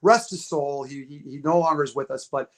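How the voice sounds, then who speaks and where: A man in his fifties tells stories as a podcast guest at a rapid clip, words tumbling out. His voice sits a little high for a man, and he acts out every quote with stumbles and repeats. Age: 50s. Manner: animated storyteller acting out quotes, repeats words. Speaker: podcast guest, bodybuilding promoter. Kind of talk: casual storytelling interview.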